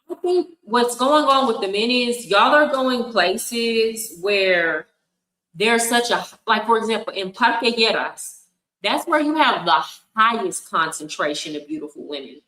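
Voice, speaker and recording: A woman's voice: mid-range voice, bright, forceful tone. A woman hosting a livestream, giving frank and blunt reaction commentary with frequent laughs. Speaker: livestream host. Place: home in Colombia. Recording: echoey room.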